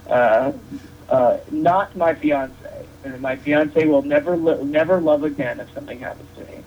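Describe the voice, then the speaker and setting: A man's voice: fairly high pitch, moderate pace. A man guesting as a wrestling referee on a casual podcast, joking and rambling with many restarts. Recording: dull lo-fi sound with faint noise.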